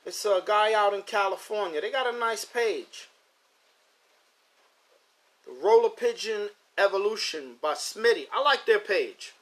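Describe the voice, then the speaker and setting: A man's voice: high-pitched, animated, unhurried, a bit bright. A middle-aged man hosting a pigeon racing live stream, talking casually in a rambling way and repeating his words as he chats with viewers. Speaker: host of a pigeon racing show. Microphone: phone or computer mic.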